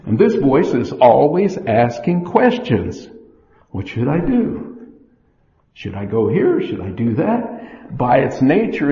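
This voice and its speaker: A man giving a sermon, measured and storytelling, acting out the inner voices he describes. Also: medium pitch. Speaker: church speaker. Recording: echoey hall, dull lo-fi sound.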